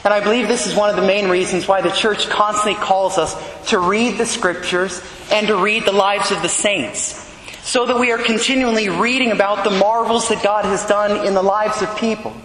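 High-voiced man preaching in an echoey church. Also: steady tone, normal speed, a bit bright, slight background noise. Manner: earnest, conversational preaching with frequent "right?". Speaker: priest. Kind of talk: homily.

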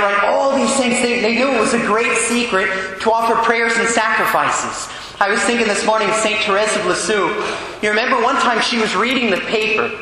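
A man's voice: high-pitched, bright, forceful tone, slight background noise. A man preaching a homily to children, telling saint stories and calling on listeners by name. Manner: storytelling, calls on listeners by name. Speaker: priest. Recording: echoey church with long reverb.

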